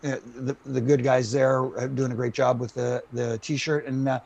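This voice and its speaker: A middle-aged man, a retired referee, tells stories as a guest on a podcast recorded over a video call. His voice is creaky, medium in pitch and moderate in pace. He's animated, acts out quotes and keeps dropping in "you know."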